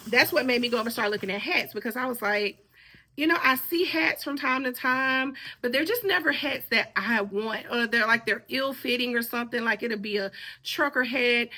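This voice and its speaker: A woman in her forties from talks casually to the camera, chatty and rambling, with plenty of "y'all" and side stories. Her voice is hoarse and worn out. Underneath the hoarseness it sits slightly high and sounds bright and forceful. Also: slight background noise. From Birmingham, Alabama. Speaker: sewing vlogger.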